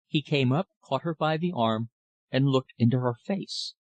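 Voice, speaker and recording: A man's voice: medium pitch, no room sound, highs cut off. Man narrating an audiobook, dry sound. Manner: steady, measured reading.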